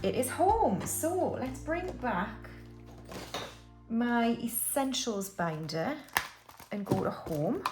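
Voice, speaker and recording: Speaking slowly with long pauses, a woman with a slightly high, very animated voice hosts a casual cash-stuffing vlog over background music. She's a British budgeting channel host who chats, counts banknotes out loud, and laughs at her slips.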